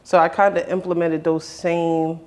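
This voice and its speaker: A man's voice: on the high side, little pitch movement, normal speed, a little mellow. Earnest man hosting, telling his story. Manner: earnest, with many restarts and quoted dialogue. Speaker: host. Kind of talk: personal storytelling in a conversation.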